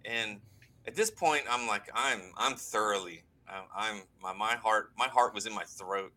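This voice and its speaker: A man, a guest on a talk show, telling a personal story in an earnest, halting way with many restarts. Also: fairly low pitch, bright, forceful tone, low-quality recording.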